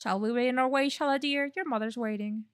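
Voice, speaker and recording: A woman's voice: sits high, brisk, smooth, no room sound, clean studio sound, close to an everyday voice. A woman putting on a sneering male villain.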